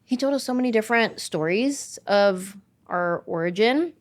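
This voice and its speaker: A woman in her forties from San Jose, California, a comedian guest telling her story in a casual interview, animated. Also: mid-range voice, normal speed. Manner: animated, acts out quoted voices.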